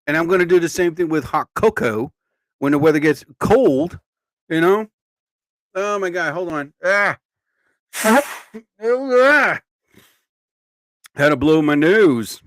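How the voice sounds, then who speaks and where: A man's voice: fairly high pitch, expressive, takes it slowly, long pauses, a bit bright, no room sound. A man hosting his own live show, chatting casually and rambling with frequent exclamations. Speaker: host. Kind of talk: casual livestream chat.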